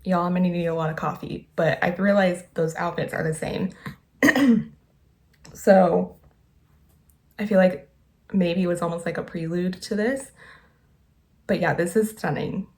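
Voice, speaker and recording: A woman's voice: fairly low pitch, steady tone, unhurried, pauses often. A woman hosting a casual music video reaction, gushing and exclaiming often. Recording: loud music behind the voice. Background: music playing.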